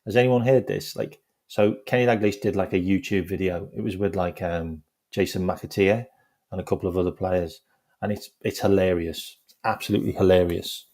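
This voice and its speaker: A man's voice: low voice, fairly even intonation, moderate pace, darkish tone. A man hosting a football fan channel, chatting casually in a rambling way, with lots of "like" and laughter as he tells stories. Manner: rambling, heavy use of "like", laughs while telling stories. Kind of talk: casual live-stream chat.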